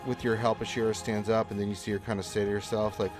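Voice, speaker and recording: Low-voiced guy running a tabletop game, casual, lots of ums. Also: little pitch movement, quick pace, few pauses, over music. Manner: casual narration, filler-laden. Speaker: game master.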